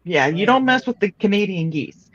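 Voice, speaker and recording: Minnesotan woman, playful co-host; pitch swings widely, folksy teasing delivery. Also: expressive, fairly quick, dull audio. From southern Minnesota. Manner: playful, teasing, slips into folksy regional talk. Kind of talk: casual group chat.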